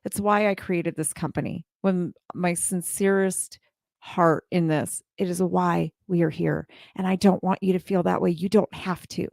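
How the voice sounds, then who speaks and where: A woman's voice: lowish voice, steady tone, measured pace, creaky, a little mellow, no echo, studio quality. A woman in her forties gives a heartfelt motivational talk to live viewers as a community leader, speaking earnestly and repeating her phrases.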